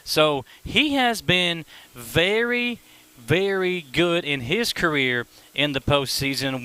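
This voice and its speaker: A man hosting a live high school football pregame show, with an energetic, brisk announcer delivery. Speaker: play-by-play broadcaster. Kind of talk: pregame sports broadcast.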